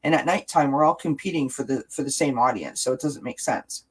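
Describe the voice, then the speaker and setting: A woman's voice: a bass voice, brisk, slightly rough, poor audio. A woman hosting a casual live-stream chat about oracle cards, talking in a rambling way with frequent restarts.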